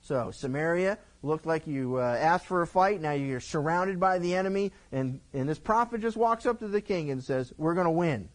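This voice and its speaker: A man pastor teaching the Bible verse by verse, retelling the story with lively, acted-out lines for its characters. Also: fairly high pitch, normal speed, few pauses, rough recording.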